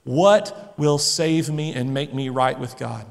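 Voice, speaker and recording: A male pastor preaching a sermon with emphasis, repeating key phrases and moving between loud declarations and hushed lines. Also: medium pitch, slow, creaky. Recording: long reverb from a large hall.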